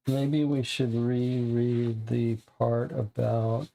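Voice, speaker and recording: A man in a co-op mystery game takes it slowly, puzzling through clues with casual frustration during live play. His medium-pitched voice is gravelly and mellow, delivered flatly.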